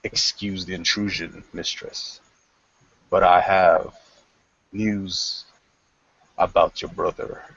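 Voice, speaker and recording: A loyal armored servant delivers his report in a formal, respectful hush, as a man voices him in a tabletop game. His voice sits low and moves slowly. The recording is dull and lo-fi. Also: little pitch movement, gravelly, husky, no room sound, heavily acted. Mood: deferential.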